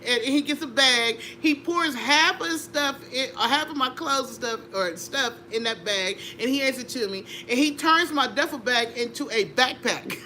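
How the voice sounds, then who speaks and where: A middle-aged woman, an interview guest, telling a personal story with animated energy, laughing and acting out voices. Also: high-pitched, unhurried, a little hiss or hum. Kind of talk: conversational storytelling.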